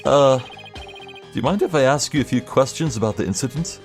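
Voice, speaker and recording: A man's voice: medium pitch, normal speed, soft background music, close to an everyday voice. A man voicing a polite, earnest young defense attorney who hesitates often. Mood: hesitant.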